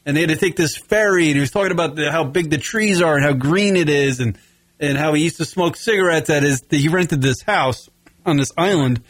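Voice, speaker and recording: A man co-hosting a show in casual chat, ranting and swearing with loud bursts. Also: on the high side, fairly quick. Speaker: podcast co-host.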